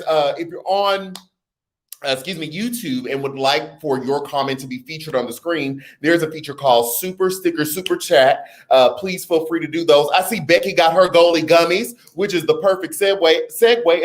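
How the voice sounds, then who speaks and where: A man hosting a casual political livestream, laughing easily and greeting commenters by name. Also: on the high side. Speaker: host.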